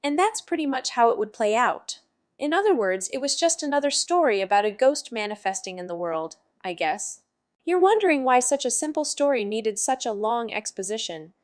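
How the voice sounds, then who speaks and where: A woman's voice: fairly high pitch, very animated, moderate pace, dry recording, studio quality. A woman voicing a brash, foul-mouthed male jester wizard who narrates in a sardonic, rambling way.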